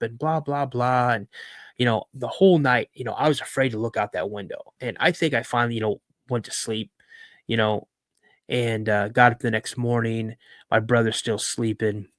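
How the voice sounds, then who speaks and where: A man in casual conversation, recounting a story with lively delivery and acting out the people he quotes. His voice sits at a middling pitch for a man, and the recording is dry and close. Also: normal speed, no room sound. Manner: animated storyteller, acts out quoted voices, many fillers. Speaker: podcast host, guest.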